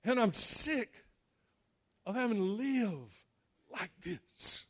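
Preacher guy doing a worn-out blind beggar begging for help, high-ish voice, tired and pleading. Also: animated, slow pace, fairly bright tone, exaggerated voice. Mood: desperate plea.

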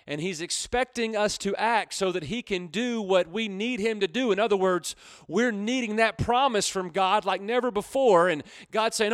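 A man's voice: sits high, moderate pace, no echo, clean studio sound. A man preaching on a radio program, telling stories and repeating key phrases for emphasis. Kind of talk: radio sermon.

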